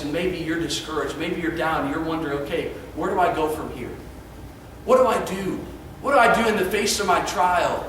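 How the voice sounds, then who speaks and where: A man preaching an evening sermon, earnest and emphatic, dropping soft for quiet passages. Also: fairly high pitch, moderate pace, a little hiss or hum. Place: church sanctuary. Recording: echoey church hall, far from mic.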